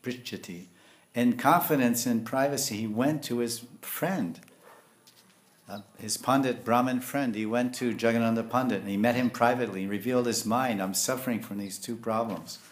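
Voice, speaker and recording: An older man giving a storytelling sermon as a spiritual teacher, animated, chuckling often and acting out the characters' voices. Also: mid-range voice, normal speed.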